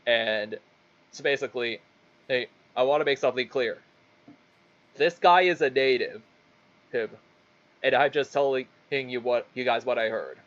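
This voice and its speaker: A man's voice: medium pitch, normal speed, long pauses, a bit bright, highs cut off. A man casually telling a rambling, stumbling story, swearing often as he goes. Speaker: streamer.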